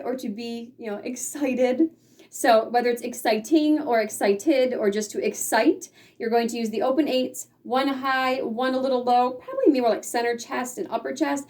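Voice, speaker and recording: A woman's voice: fairly high pitch, a little mellow, distant mic. Patient woman teaching, heard from off-mic. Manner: patient, explanatory, acts out feelings. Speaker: sign language teacher. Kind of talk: casual instruction.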